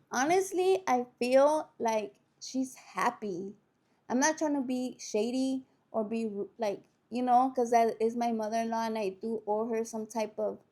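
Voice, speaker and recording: A woman, hosting a podcast and telling personal stories in a blunt, profane, animated way, slipping in Spanish words. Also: a little high. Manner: drops into Spanish words mid-sentence. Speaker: podcast host. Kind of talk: candid personal storytelling.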